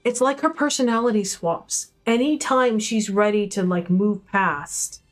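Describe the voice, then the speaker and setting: A woman's voice: medium pitch, measured pace, faint music behind. A woman casually playing a story game on stream, reading choices aloud and voicing characters. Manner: chatty, reads choices aloud and voices characters. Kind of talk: casual let's-play chat.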